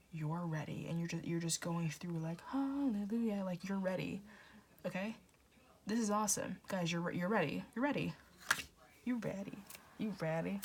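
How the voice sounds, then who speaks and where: A woman doing a casual tarot reading, talking in an animated, repetitive way with swearing and stumbles. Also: lowish voice, a little hiss or hum. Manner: animated, repetitive, profane, often restarting words. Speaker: tarot reader.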